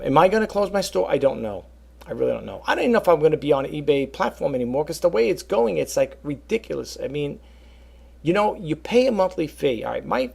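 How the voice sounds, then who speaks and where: A man talking casually to his viewers about reselling, rambling and animated, often calling them folks. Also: a little high, gravelly, husky. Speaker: reseller vlogger. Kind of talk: casual talk to camera.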